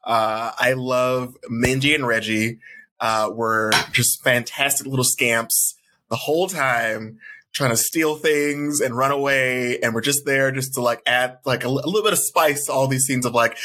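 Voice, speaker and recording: Guy podcast cohost gushing about a movie, bright crisp voice, fast asides. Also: mid-range voice. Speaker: podcast co-host. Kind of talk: casual chat reviewing a movie.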